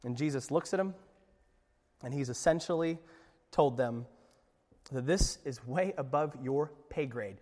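A man preaching a sermon as pastor, retelling scripture in a casual, animated way with lively asides. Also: medium pitch, unhurried, long pauses, in a large hall.

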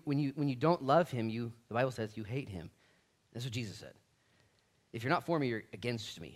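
Animated man preaching a casual sermon. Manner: animated, acts out quotes with big pitch and volume swings; casual, conversational phrasing. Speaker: pastor.

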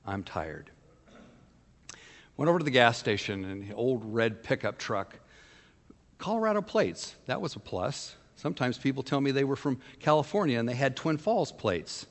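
A man's voice: mid-range voice, big pitch swings, normal speed, long reverb tail. A man preaching a sermon as pastor, telling a personal story in a frank, conversational way.

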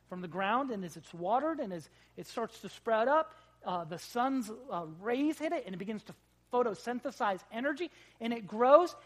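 A pastor preaching a sermon in a conversational, joking way, swinging between loud emphasis and quiet asides. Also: medium pitch. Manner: conversational, with jokes and acted-out quotes.

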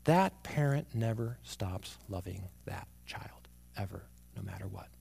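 A man preaching a sermon, moving from hushed, near-whispered lines to emphatic ones as he tells stories about his young son. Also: sits low, animated, a little slow, gravelly, husky. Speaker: pastor.

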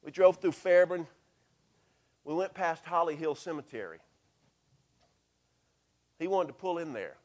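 A man's voice: a little high, animated, unhurried, pauses often. A male pastor, earnestly telling a vivid story in a sermon.

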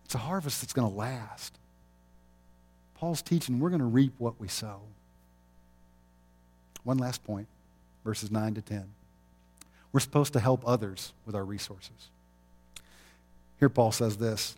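Brief: male pastor, warm mellow voice, conversational sermon with frequent chuckles. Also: medium pitch, unhurried, long pauses. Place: chapel.

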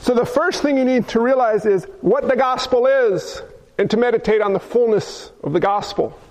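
A man with a strikingly high voice for his sex, delivering a fervent sermon. He presses his listeners with one rhetorical question after another and drives each point home with emphatic repetition. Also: moderate pace, darkish tone. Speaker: preacher.

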